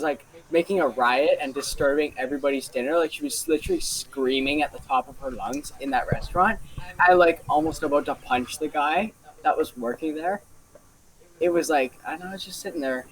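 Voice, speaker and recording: A man's voice: fairly high pitch, low-quality recording. A young man casually telling a story on a podcast, rambling and full of fillers. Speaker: podcast co-host.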